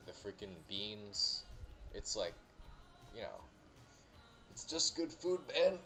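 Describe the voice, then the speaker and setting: A man's voice: deep voice, bright, forceful tone. A young man chatting casually while streaming a game, rambling with many fillers and restarts. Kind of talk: casual gameplay chat.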